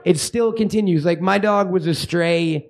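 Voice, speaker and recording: A man's voice: high-pitched, moderate pace. A young man hosting a podcast, riffing crude jokes in casual comedic chat. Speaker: podcast host.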